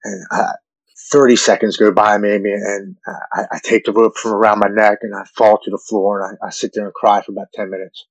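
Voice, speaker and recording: Man in his forties, lowish voice, earnest and halting, dry close sound, emotional personal storytelling. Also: little pitch movement, vocal fry, no echo, dull audio. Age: 40s. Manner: earnest, halting, repeats words when moved. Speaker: guest telling his recovery story.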